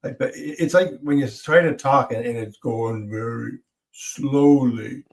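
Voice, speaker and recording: A man's voice: medium pitch, brisk. A man co-hosting a podcast in casual chat, replying briefly with dry jokes. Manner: dry joking, brief replies.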